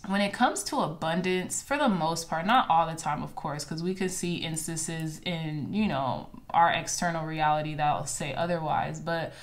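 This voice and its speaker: Woman tarot reader, lowish voice, chatty and encouraging, reads out affirmations. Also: normal speed, hardly any pauses. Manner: warm encouraging, reads card affirmations aloud; chatty with fillers and asides like "child" and "okay". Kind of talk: casual channeled tarot reading to camera.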